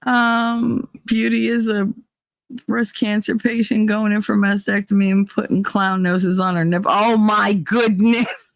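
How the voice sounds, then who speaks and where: A woman hosts a loose, chatty show, reading out viewer comments and breaking into laughter again and again. Her voice sits at an ordinary middle pitch. It is recorded close and dry, with no room sound around it. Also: a little slow, vocal fry, dry recording. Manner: giggly, laughs often, animated storytelling. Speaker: host. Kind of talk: casual live chat reading viewer comments.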